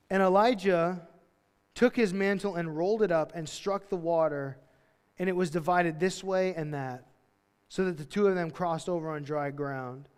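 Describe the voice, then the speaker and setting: A man preaching a sermon as a pastor, telling Bible stories in a lively, casual way and acting out the characters. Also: high-pitched, smooth. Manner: animated storytelling, acts out Bible characters in casual voices. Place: church sanctuary. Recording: long church reverb.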